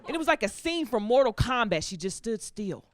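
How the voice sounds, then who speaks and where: Brief: woman stand-up comic, storytelling set, swooping animated delivery, slips into character voices. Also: on the high side, fairly quick, crowd noise. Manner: lively storytelling, acts out characters in put-on voices. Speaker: stand-up comedian. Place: comedy stage before a laughing audience.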